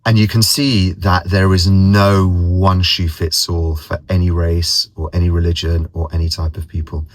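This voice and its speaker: Casual vlogger: man, very low voice, dry close sound, rambling anecdotes. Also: little pitch movement, normal speed, hardly any pauses, no room sound. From London, England. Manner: rambling, repeats words, mimics others' voices in anecdotes. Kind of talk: casual personal storytelling.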